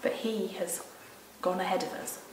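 A woman leading a Sunday school reads a story aloud to children and then explains it in a gentle, quiet voice. The recording is roomy and echoey, taken from a mic some distance away, with a faint hiss behind her. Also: medium pitch, normal speed. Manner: gentle and mostly quiet, lively in the exciting parts.

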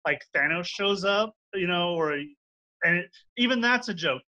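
Young man, heated geek debater, bright edgy tone, rants and swears. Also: sits high, expressive, measured pace, dull audio. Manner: ranting, swears, mocks with acted quotes. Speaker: debater defending a film.

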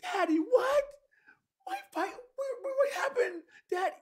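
A small boy of about seven whose voice jumps high and breaks into tears. The boy calls out to his father, bewildered and heartbroken. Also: sing-song, measured pace, gravelly, fairly bright tone, exaggerated voice. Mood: crying. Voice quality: high, tearful, crying. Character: small boy, six to eight, sobbing over his dead dog.

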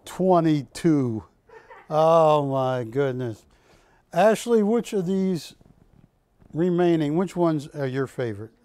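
A man's voice: fairly high pitch, animated, takes it slowly, dark tone, smooth. A man hosting a live shopping broadcast, chatty and enthusiastic, telling anecdotes about the art he presents. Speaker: shopping channel host.

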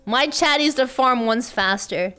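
A woman streamer with a high, squeaky voice, chatting casually and excitably with her chat, often shrieking and laughing. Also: unhurried, smooth.

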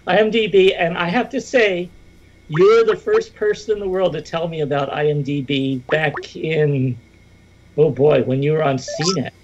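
A man's voice: a little high, fairly even intonation, moderate pace, slight background noise. A man calling in to a radio talk show, easygoing and chuckling often as he chats. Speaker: regular radio caller. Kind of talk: phone-in chat. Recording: dull, lo-fi phone line.

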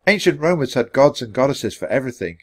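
A man's voice: mid-range voice, big pitch swings, fast talker, voice pushed up. A man reading a storybook aloud, voicing a curious, bookish young boy who explains things matter-of-factly. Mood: explaining.

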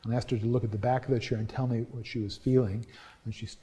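A man's voice: mid-range voice, level tone, racing, dark tone. A middle-aged man giving a university lecture in a conversational, anecdotal way, often restarting his sentences.

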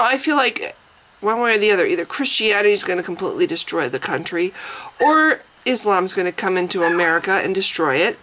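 A woman's voice: medium pitch, fairly bright tone, rough recording. A woman vlogger giving an angry reaction rant, indignant and swearing, often stopping and restarting her sentences.

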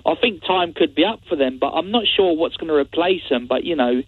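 A rambling male caller repeats himself down a thin phone line. His voice is husky and fairly high. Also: lively intonation, a little fast, dry recording. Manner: rambling, repetitive. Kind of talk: phone-in call.

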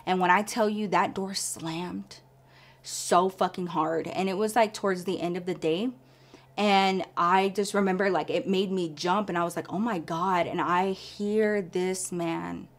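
A woman's voice: fairly low pitch, steady tone, unhurried. A woman vlogger telling a personal story in a casual, chatty way, full of "like" and addressing viewers as y'all.

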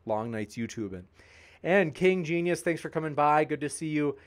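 A man hosting a live stream chats in a loose, joking way as he answers viewers' comments. His voice sits a little higher than most men's, and his tone stays upbeat and friendly throughout. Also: animated, normal speed. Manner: jokey, upbeat banter. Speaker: debate channel host.

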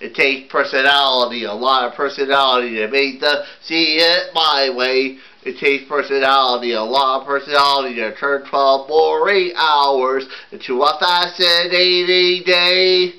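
A man's voice: medium pitch, fairly even intonation, a little slow, few pauses, bright, forceful tone, poor audio. A man voicing a bossy, showy young girl puppet, singing in a puppet musical.

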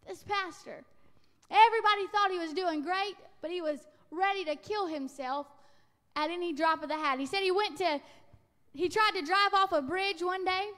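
A woman preaching at a revival service, telling a story with impassioned rises when she quotes the people in it. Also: very high-pitched. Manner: impassioned, rising to shouted peaks when quoting. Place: church sanctuary. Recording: reverberant church hall with faint music.

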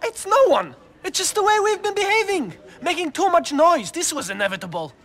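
A worried gangster lieutenant, with an unusually high and lively voice. He sounds earnest and pleading, a game cutscene character trying to talk sense into his boss. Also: a little fast, heavily acted. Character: anxious, reasonable male gangster lieutenant.

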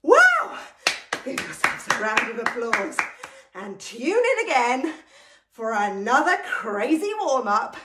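A woman teacher with an English accent leads a lively sing-along warm-up for children, chanting and singing with breathy energy. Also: a little high, measured pace, slight background noise. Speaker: teacher leading a class energiser. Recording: echoey room.

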